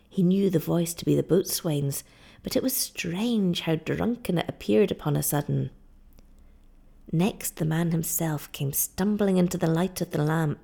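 A woman narrating a classic story aloud in a measured audiobook style. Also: fairly low pitch, creaky, warm tone.

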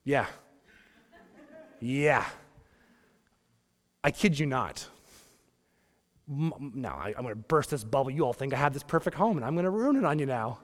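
A man in his thirties preaching a sermon as a pastor, joking, moving between hushed asides and emphatic bursts. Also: medium pitch, expressive, normal speed, long pauses. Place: church sanctuary. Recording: long reverb of a church hall.

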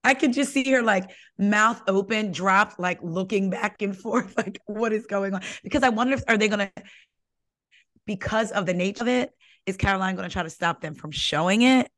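A young woman hosting a casual gossip podcast, animated and emphatic, with lots of "like" in her speech. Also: medium pitch, normal speed. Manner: animated, emphatic, says "like" a lot. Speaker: podcast host. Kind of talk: casual pop-culture gossip chat.

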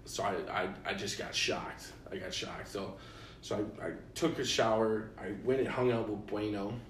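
A man's voice: fairly low pitch, normal speed, distant mic, a little hiss or hum. A young man from Illinois hosting a podcast, telling a long personal story in casual chat, acting out the quotes and laughing often. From Illinois, USA. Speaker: podcast host. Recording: roomy, from off-mic.

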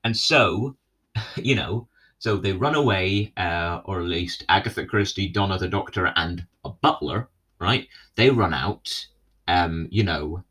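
Rambling young man with a lowish voice. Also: a little slow, bright, forceful tone, husky. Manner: rambling, filler-heavy, keeps asking "right?". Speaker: episode recapper. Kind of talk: casual retelling of a TV episode.

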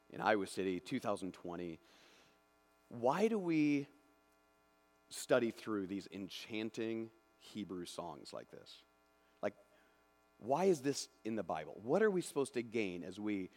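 A male pastor preaching a sermon, swinging from hushed, slow passages to loud, excited ones. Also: on the low side. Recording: long hall reverb.

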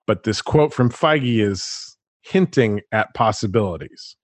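A man hosting a casual podcast conversation, chatty and animated, laughing often as he relays news. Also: lowish voice, measured pace, no room sound. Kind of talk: casual chat.

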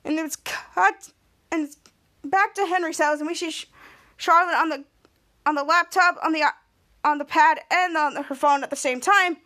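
Very high-voiced woman recapping a show. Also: sharp tone. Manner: rambling, with frequent restarts. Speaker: podcast host. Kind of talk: casual episode recap.

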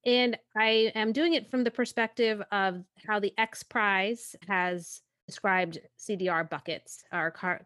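A woman's voice: mid-range voice, a bit bright, no echo, clean studio sound. A woman hosting a podcast, chatting casually and thinking aloud as she talks, often restarting words. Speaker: podcast host. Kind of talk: casual conversational interview.

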